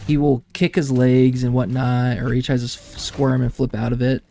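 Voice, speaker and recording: A man's voice: medium pitch, flat delivery, moderate pace, gravelly, warm tone. A young man and streamer telling rambling family anecdotes in casual chat, laughing often. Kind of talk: casual chat while gaming.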